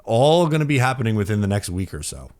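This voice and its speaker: A man's voice: on the low side, big pitch swings, fast, a little mellow. A man co-hosting a hockey podcast, talking in a rambling, upbeat way with plenty of fillers. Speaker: podcast co-host. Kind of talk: casual hockey podcast chat.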